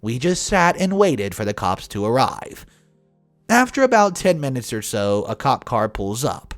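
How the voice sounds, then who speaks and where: A man narrating a family drama story in a scripted, expressive way, swinging between flat and emphatic delivery. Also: mid-range voice, unhurried, no echo, faint music behind.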